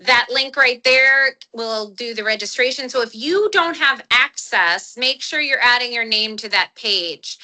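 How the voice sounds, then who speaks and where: Bright, chatty woman hosting a call. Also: fairly high pitch, rough recording. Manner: chatty and enthusiastic, with restarts. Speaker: webinar host. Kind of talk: casual online community call. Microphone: phone.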